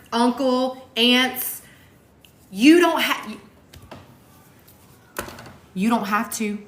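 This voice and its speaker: A woman's voice: fairly high pitch, fairly bright tone. Fervent woman speaking in an echoey room. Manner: emphatic, repetitive, swears casually. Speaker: co-host of a motivational talk show. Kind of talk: heartfelt motivational chat.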